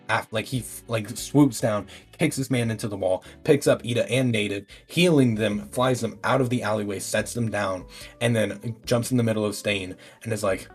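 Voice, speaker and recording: A man's voice: lowish voice, husky. A man telling a story in a casual, improvised way, rambling with fillers and restarts. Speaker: YouTube storyteller.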